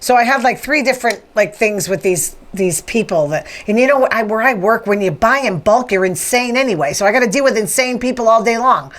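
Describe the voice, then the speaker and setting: A woman's voice: on the high side, animated, fairly quick, hardly any pauses, a bit bright. A woman, hosting a rambling, opinionated casual monologue. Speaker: podcast host.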